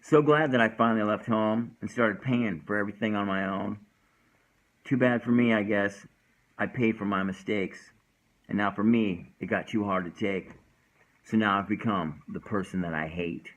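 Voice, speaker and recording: A man reading his own dark poem in a low, heavy, brooding voice. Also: normal speed, lightly acted, poor audio.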